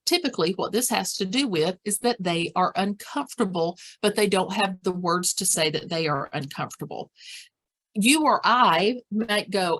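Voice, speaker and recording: A woman's voice: medium pitch, expressive, normal speed. A woman presenting a dementia care training, speaking practically and repeating words for emphasis. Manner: acts out example phrases and whispers.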